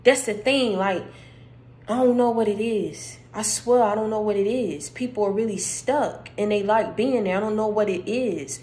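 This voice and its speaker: A woman delivering a spiritual encouragement message, speaking emphatically and straight to the listener, repeating her points, with her voice going hoarse. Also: mid-range voice, normal speed, darkish tone, low-quality recording. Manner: emphatic, repeats phrases, addresses listener directly. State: losing her voice.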